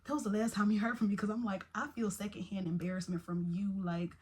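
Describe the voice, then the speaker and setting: A young woman telling a personal story in a casual, animated vlog style, full of slang and asides. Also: medium pitch, fast talker, slight background noise. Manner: chatty, animated, Southern-tinged slang like "baby" and "y'all".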